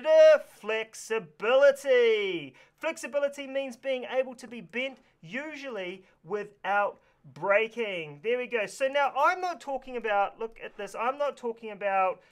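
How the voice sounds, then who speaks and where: A man presenting a live kids' lesson from New Zealand with a New Zealand accent, excitable and full of exaggerated reactions. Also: extremely high pitch. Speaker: kids show presenter. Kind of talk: energetic live kids lesson. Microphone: live stream mic.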